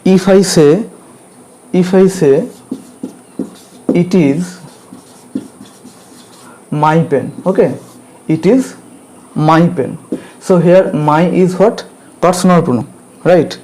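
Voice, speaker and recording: A man with an Indian English accent, teaching a grammar lesson slowly and repeating himself, often checking in with "okay" and "clear?". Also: high-pitched, warm tone, slight background noise. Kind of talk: grammar lecture.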